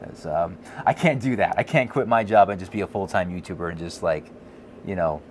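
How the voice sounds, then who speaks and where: A man co-hosting a podcast, chatting casually, reading viewer comments and telling animated stories with frequent laughter. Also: low-pitched, fairly quick, slight background noise. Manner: animated storytelling, laughs often. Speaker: podcast co-host.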